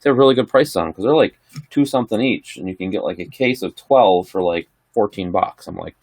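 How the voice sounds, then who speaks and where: A man's voice: low voice, lively intonation, fairly quick, a little mellow, slightly rough, no room sound, clean studio sound. A middle-aged man casually chatting on a livestream, answering viewer questions in a rambling, laid-back way. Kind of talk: casual live chat.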